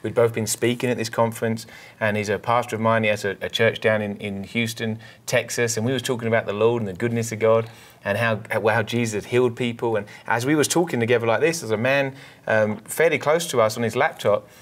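Fast-talking man telling a testimony. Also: mid-range voice. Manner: animated storyteller, repeats words when excited. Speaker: minister and co-host. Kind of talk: conversational preaching, testimony.

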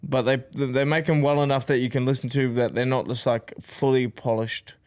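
A man's voice: medium pitch, little pitch movement, moderate pace, a little mellow, smooth. A young man, co-hosting a podcast in casual chat and telling rambling stories with plenty of laughter. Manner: rambling storyteller, laughs often. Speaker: podcast co-host.

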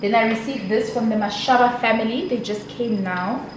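South African woman, chatty vlogger, fairly high voice, echoey room, mic at a distance. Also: normal speed, noisy background. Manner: gushing, emotional, chatty. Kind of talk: casual vlog chat. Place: home.

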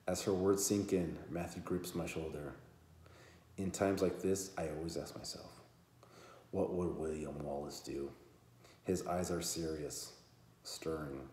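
A man's voice: a bass voice, darkish tone. A man hosting a podcast, reading a novel aloud and cutting in with profane jokes. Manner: profane, joking interruptions. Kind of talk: book reading with crude asides. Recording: roomy echo.

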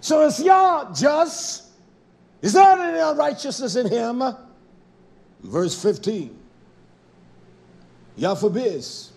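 A man delivers a fiery sermon in a strikingly high voice that leaps up and down with animated swings. He scolds and confronts his listeners, hammering them with rhetorical questions. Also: slow pace, gravelly, long pauses. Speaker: preacher.

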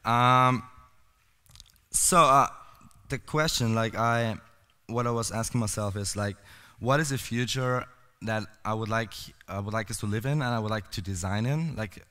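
A man giving a casual conference talk with a hoarse voice from a cold, rambling with lots of fillers and restarts. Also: lowish voice, moderate pace, bright, forceful tone. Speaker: conference speaker. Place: cinema hall. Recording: reverberant cinema hall.

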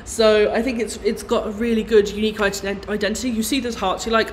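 A bubbly man chats on a live stream, rattling off quick asides and gushing remarks. His voice carries a long room reverb over faint background noise. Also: high voice, level tone, a bit bright. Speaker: host.

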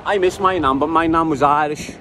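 Man, Liverpool accent, high voice, casual city-tour vlog, swears a lot, loud outdoor street noise. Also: fairly quick. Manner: chatty, swears freely, talks straight to the viewers. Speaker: vlogger giving a city tour.

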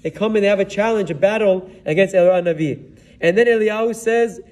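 A man's voice: high-pitched, a little fast, a little mellow, far from the mic. A man, a rabbi, retelling a Bible story in a sermon and weaving Hebrew terms and verses into his telling. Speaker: rabbi giving a Torah talk.

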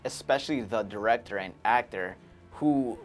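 Animated young-sounding man reviewing a movie. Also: on the low side, moderate pace, soft background music. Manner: animated, chuckling between remarks, conversational. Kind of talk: casual movie review commentary.

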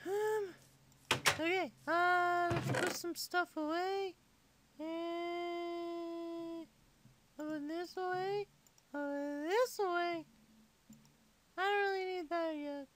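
A performer voicing a squeaky little kid gamer who chatters and complains while playing. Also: a bit bright, heavily acted. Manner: chatty, complains to itself, mumbles while sorting items. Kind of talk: game playthrough commentary in character.

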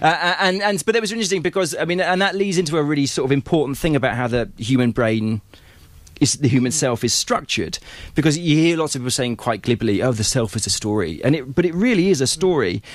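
A man, an author telling stories at a bookshop event, animated and laughing often, with many restarts. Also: a little high, fast talker, dry recording.

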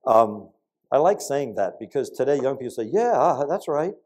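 An older man preaching a sermon, telling stories in an animated way with sudden loud peaks and quiet asides. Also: medium pitch, moderate pace.

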